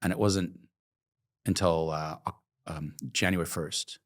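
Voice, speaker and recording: A man's voice: low voice, fairly even intonation, unhurried. A middle-aged man from Oregon, an interview guest telling vivid anecdotes and acting out the dialogue, with casual swearing. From Oregon, USA. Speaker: interview guest, coffee entrepreneur. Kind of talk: conversational storytelling.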